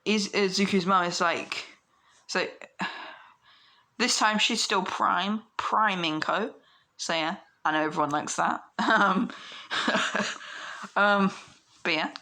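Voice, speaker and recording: Young woman, casual storyteller, rambling, fillers, bright voice. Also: medium pitch, fairly even intonation, slow pace, pauses often. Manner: rambling, many fillers and laughs. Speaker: fan story narrator.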